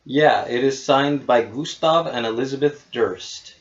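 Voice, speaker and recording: A man runs a tabletop game as its master, narrating loot and lore and ribbing his players, swearing now and then. His voice sits at an everyday middle pitch. The recording sounds dull and lo-fi. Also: a little slow. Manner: wry, teasing, swears casually. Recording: dull lo-fi audio.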